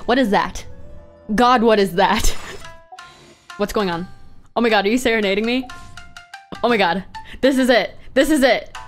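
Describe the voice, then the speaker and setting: A young woman gaming streamer giving dramatic, excitable commentary, often squealing and laughing, on a desk microphone. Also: fairly high pitch, measured pace, pauses often. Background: faint game music.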